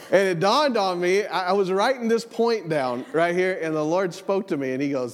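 A man's voice: a little high, lively intonation, moderate pace, hardly any pauses. A middle-aged man preaching a sermon in a church, in a conversational way that repeats words and tells family stories. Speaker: pastor. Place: church sanctuary. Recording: long church hall reverb.

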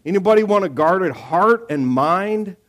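Lively joking preacher man. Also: high voice, unhurried. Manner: lively, jokey preaching with sudden loud outbursts. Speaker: pastor. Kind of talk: sermon. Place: church.

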